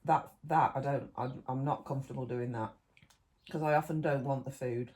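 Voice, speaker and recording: A woman's voice: extremely low pitch, steady tone, moderate pace, darkish tone. Rambling middle-aged woman. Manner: rambling, listy, restarts mid-thought. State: eating while talking. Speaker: podcast co-host. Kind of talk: casual chat.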